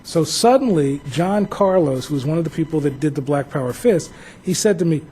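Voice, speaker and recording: A man's voice: a little high, expressive, a little fast, mellow, a little hiss or hum, poor audio. A man from New Jersey, a museum director, giving a public talk full of anecdotal, reflective storytelling.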